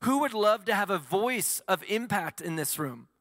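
A man's voice: high-pitched, expressive, moderate pace, fairly bright tone, no room sound, clean studio sound, long reverb tail. A male pastor preaching a sermon, asking the congregation questions and answering them himself.

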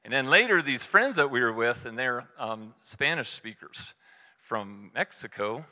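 Man preaching in a bright, reverberant hall. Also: medium pitch, expressive, unhurried. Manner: conversational storytelling with self-deprecating humor. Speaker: church speaker. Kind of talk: sermon.

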